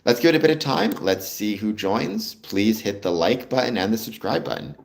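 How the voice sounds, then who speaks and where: Canadian man, livestream host, casual chat, low voice, animated pitch. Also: moderate pace, creaky. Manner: chatty, reads out and answers viewer comments. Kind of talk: casual live-stream chat with viewers.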